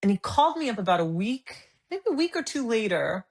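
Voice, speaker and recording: Lively storytelling woman. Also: on the high side, fairly quick. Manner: animated, acts out quoted dialogue. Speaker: interview guest. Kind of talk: conversational storytelling.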